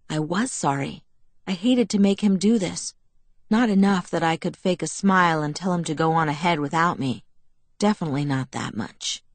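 Low-voiced woman reading a novel. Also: moderate pace, dry recording. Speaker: audiobook reader. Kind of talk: first-person novel narration.

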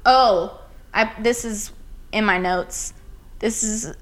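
A woman's voice: mid-range voice, steady tone, slow, a bit bright. Blunt podcast co-host, woman, casual and irritated, salty language. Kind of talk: casual chat recapping a TV show.

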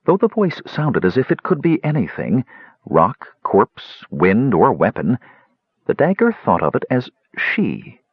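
A man narrating a fantasy audiobook in a measured, expressive reading style. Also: medium pitch, slightly rough, no room sound. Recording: dry, dull lo-fi recording.

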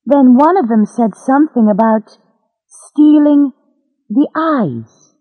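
A woman's voice: sits high, takes it slowly, dry recording, phone-quality sound, pitched above the performer's own voice. Woman narrator plays a scared young American captive in an audiobook; slightly raised, urgent. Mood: frightened.

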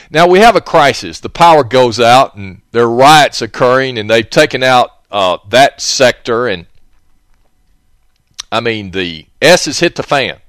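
A man's voice: medium pitch, lively intonation, unhurried, pauses often, fairly bright tone, no echo. A man hosting a radio talk show rambles on in a folksy way, chuckling to himself as he goes. His mid-range voice swings up and down a lot, and it sounds close and dry on a studio mic.

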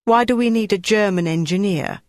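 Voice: medium pitch, brisk, no room sound, clean studio sound, pitched above the performer's own voice, lightly acted. A reader playing a brash scornful woman. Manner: blunt, scornful. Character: brash sceptical tough woman.

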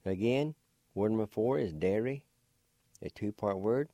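A man hosting a radio language lesson, slowly spelling words and patiently repeating each pronunciation. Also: fairly low pitch, expressive, mellow, dry recording, studio quality. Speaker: language teacher and radio host. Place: radio studio.

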